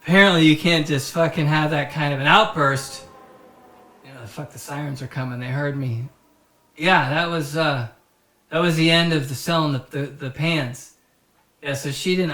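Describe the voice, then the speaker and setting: Male podcast host, high and bright, rambling and profane, telling comic stories in an echoey room. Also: steady tone, moderate pace. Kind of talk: casual comedic storytelling. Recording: roomy echo.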